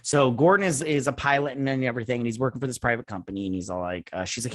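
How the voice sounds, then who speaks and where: A man's voice: medium pitch, racing, few pauses, fairly bright tone, dry recording. A man hosting a casual episode recap from home, rambling and sarcastic, leaning on "and everything" and swearing in asides. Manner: rambling, says "and everything" and "he's like" a lot. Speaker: host reviewing a TV episode. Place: home with children playing nearby.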